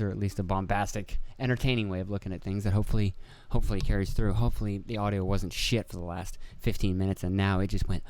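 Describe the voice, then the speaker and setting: In a dry recording, a young podcast host with a lowish voice talks on his own in a casual show. He rambles and uses profanity, jokes about himself and acts out quotes, filmed in an indoor room with a video camera.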